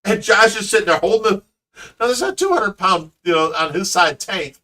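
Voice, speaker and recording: A middle-aged man hosting a casual live chat, telling stories with lots of laughter and excitement. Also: sits high, normal speed, recorded from a distance. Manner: animated storyteller, laughs often. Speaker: fish rescue owner and host.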